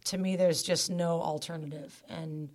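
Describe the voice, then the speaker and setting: A woman's voice: low-pitched, fairly even intonation, normal speed, a little mellow. A woman talking candidly as a guest on a podcast about her stepson, getting emotional and choked up. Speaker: stepmother guest. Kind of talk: emotional interview talk.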